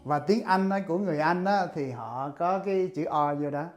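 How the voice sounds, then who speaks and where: A man's voice: fairly high pitch, fast talker. Brief: Vietnamese-native male host, chatty, practices English words, laughs often. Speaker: host and interpreter. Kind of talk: casual lesson, explaining in Vietnamese.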